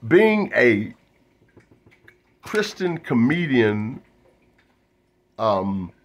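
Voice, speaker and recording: A man's voice: mid-range voice, very animated, very slow, a little hiss or hum. A man doing a loose stand-up monologue to camera, full of fillers, restarts and asides. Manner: loose, self-interrupting, many fillers and restarts. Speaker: comedian.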